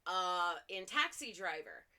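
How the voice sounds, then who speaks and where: A young woman co-hosting a casual podcast chat, trading dark humor about killers and swearing casually, with lots of fillers. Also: on the low side, very animated, slow. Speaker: podcast co-host.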